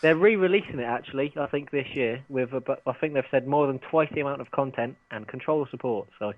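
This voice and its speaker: A man's voice: mid-range voice, quick pace, no room sound. A man hosting a casual podcast chat, enthusiastic, moving the talk along and reading out listener posts. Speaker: podcast host. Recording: dry tinny phone-like line.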